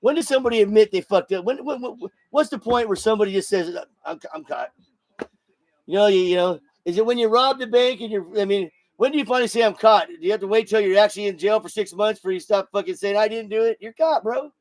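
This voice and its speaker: A man's voice: sits high, fast talker, hardly any pauses, a little mellow, no room sound. A man hosting his own show, delivering a blunt, profane solo political rant and repeating words as he gets heated. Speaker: show host.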